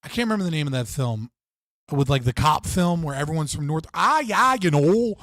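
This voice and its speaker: A man's voice: a little high, fast talker, no room sound. Profane, laughing live-stream host, a man. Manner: blunt, profane, laughs often, talks to chat. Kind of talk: casual live-stream reactions.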